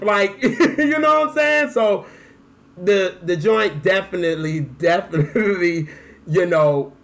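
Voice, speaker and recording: Male fan vlogger, casual and slangy, excitable delivery, voice sitting a bit high. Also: measured pace. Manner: excitable and slangy, with bursts of whoops and laughter.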